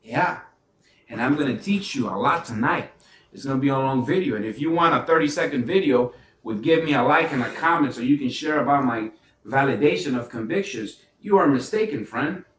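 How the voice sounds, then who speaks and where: A man giving a casual, animated business funding lesson, firing rhetorical questions and restarting his sentences often. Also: mid-range voice, a little fast, a little hiss or hum. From New York. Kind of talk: casual teaching monologue. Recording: echoey room, mic at a distance.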